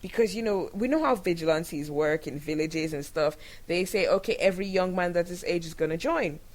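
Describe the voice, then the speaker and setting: A woman from Nigeria hosting her own show, giving candid, animated commentary on the news and laughing often as she talks. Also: lowish voice, brisk, low-quality recording. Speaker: show host. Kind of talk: opinionated commentary monologue.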